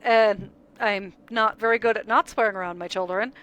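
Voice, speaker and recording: A young mother co-hosting a casual chat, telling lively stories and acting out the quotes. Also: medium pitch, normal speed, poor audio. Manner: lively storyteller, acts out quotes. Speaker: podcast co-host.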